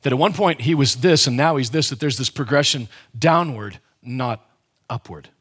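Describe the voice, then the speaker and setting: A man delivers a sermon in a relaxed, conversational way, leaning hard on key words and often restarting mid-sentence. His voice sits at an ordinary middle pitch with a slightly husky, breathy edge. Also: normal speed. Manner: conversational, emphatic preaching with frequent restarts. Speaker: pastor.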